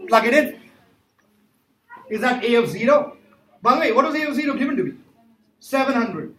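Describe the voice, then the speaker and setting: A man with a high voice teaches calculus to a room of students, stressing points by repeating them and firing questions at the class. The sound is roomy and echoey, with a faint hiss of classroom noise underneath. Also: lively intonation, normal speed, bright, forceful tone. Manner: emphatic, repeats himself, quizzes students. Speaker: math teacher. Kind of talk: classroom lecture.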